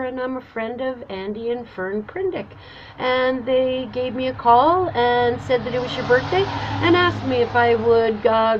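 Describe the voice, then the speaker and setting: A woman host telling a personal story in a chatty, animated way, acting out what people said. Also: medium pitch, dull audio. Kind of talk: casual storytelling monologue.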